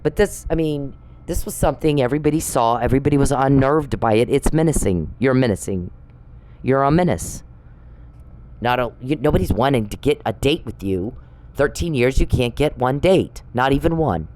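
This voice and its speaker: Hosting her own podcast, a woman speaks at a moderate pace in a rumbling low, animated, slightly mellow voice, recorded in low quality. She angrily tells a story without softening it, cursing and accusing someone she talks to directly.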